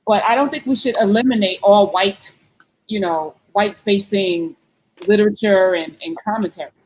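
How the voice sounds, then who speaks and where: A woman's voice: mid-range voice, normal speed, darkish tone, low-quality recording. A woman in a live class discussion, relaying audience questions and thinking aloud, correcting herself as she goes. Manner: thoughtful, corrects herself mid-thought. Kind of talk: conversational discussion.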